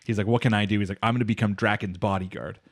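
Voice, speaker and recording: A man's voice: lowish voice, fairly even intonation, very fast, no echo, clean studio sound. A man co-hosting a casual anime podcast, rambling through a plot recap with lots of fillers and acting out the characters' lines. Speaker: podcast co-host.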